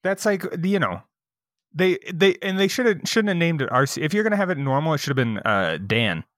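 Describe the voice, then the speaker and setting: A man's voice: fairly high pitch, very animated, normal speed, fairly bright tone, no room sound, clean studio sound. A young man co-hosting a casual podcast, riffing on jokes and swearing freely. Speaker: podcast co-host.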